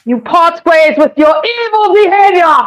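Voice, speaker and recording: A woman's voice: very high voice, a little slow, pitched above the performer's own voice, rough recording. A woman voicing a wrathful, theatrical Shakespearean-style preacher with grandiose, declaiming delivery. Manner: grandiose old-fashioned oratory, declaiming.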